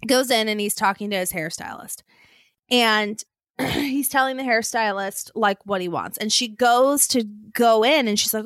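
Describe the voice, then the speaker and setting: A woman co-hosting a podcast, telling animated stories in casual chat and laughing often. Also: a little high, a little slow, no echo, clean studio sound. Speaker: podcast co-host.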